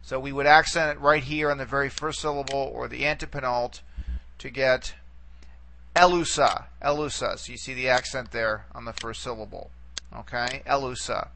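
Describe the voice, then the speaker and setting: A man's voice: medium pitch, flat delivery, fairly quick, gravelly, bright, forceful tone, a little hiss or hum. A man teaching a recorded lesson, patient, repeating words and checking in with frequent "okay?" prompts. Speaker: Greek language teacher. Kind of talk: recorded video lecture.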